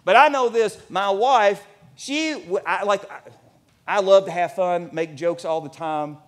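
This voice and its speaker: This church sermon comes from a pastor in his forties whose voice is high and whose delivery is unhurried. He grows animated and at moments nearly shouts.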